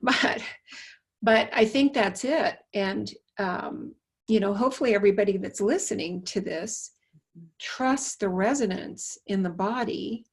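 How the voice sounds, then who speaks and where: Female host, chatty and musing, mid-pitched, talks to her listeners. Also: unhurried, gravelly, breathy edge. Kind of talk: casual conversation.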